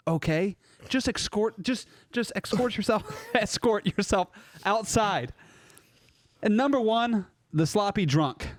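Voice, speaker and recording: A man co-hosting a podcast, ranting through his list in an animated, jokey way. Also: sits high, no echo, studio quality. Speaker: podcast co-host. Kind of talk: casual podcast chat.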